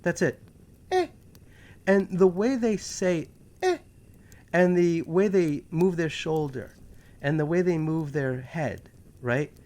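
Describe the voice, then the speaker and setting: A man from New York with a New York accent, hosting a talk show in a casual, animated monologue full of sarcastic asides. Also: a little high, measured pace. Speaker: podcast host.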